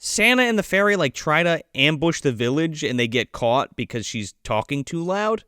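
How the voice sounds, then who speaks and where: A podcast co-host rambles through a movie recap, swearing freely and trailing off into fillers. The pitch moves in a lively way, and the recording is dry and close. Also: normal speed, smooth, no echo. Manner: rambling, profane, full of fillers and acted-out quotes. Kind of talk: casual movie recap chat.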